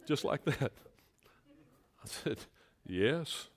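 A middle-aged man preaching a sermon, moving between emphatic rising passages and quiet, hushed storytelling. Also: medium pitch, animated, extremely slow. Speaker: pastor.

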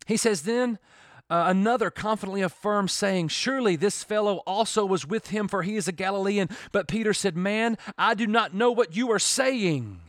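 A male pastor preaching a radio sermon, swinging from urgent pleading to hushed near-whispers. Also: a little high, lively intonation, normal speed, no room sound, studio quality.

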